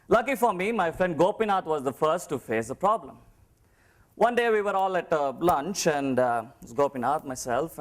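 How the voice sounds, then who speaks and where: A man from Chennai with an Indian English accent, giving a humorous contest speech and mimicking other accents in his story. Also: a little high.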